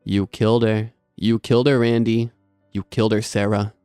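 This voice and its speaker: A man voicing a menacing male axe killer who speaks in slow, falsely soothing taunts. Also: fairly low pitch, little pitch movement, warm tone, clear, resonant tone, no echo, clean studio sound, faint music behind, lightly acted. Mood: taunting.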